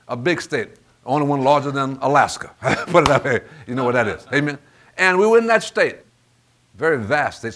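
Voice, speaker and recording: A man preaching a sermon in an animated call-and-response style, asking the congregation for amens. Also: a little high.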